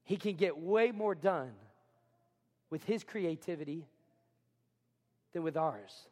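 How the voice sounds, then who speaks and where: A man's voice: on the high side, expressive, slow pace, a little mellow. A man preaching a sermon as pastor, talking conversationally, often asking the congregation questions and acting out quotes. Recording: hall reverb.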